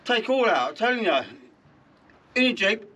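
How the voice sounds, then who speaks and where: A man's voice: high-pitched, expressive, normal speed, bright, forceful tone. A man with a London accent, aggressive and threatening, talking outdoors on a driveway and caught on a filming camera. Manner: aggressive, threatening, keeps saying "mate". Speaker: car owner.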